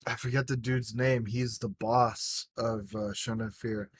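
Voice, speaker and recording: Casting: young man, tipsy and loose, podcast co-host, rambling profane storyteller, mid pitch. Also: flat delivery, unhurried, slight background noise. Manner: rambling, heavy swearing, tipsy. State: drunk. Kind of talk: casual chat.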